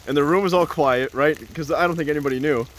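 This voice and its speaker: A man's voice: a little high, fast, a little hiss or hum. A man telling a casual, rambling story as a vlogger, full of "like" and "uh" and laughing often.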